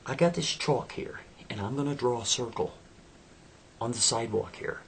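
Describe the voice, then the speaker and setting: A man's voice: medium pitch, moderate pace, gravelly, slight background noise, natural voice. Man voicing a pleading young guy, urgent, insistent, storytelling. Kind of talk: spoken storytelling.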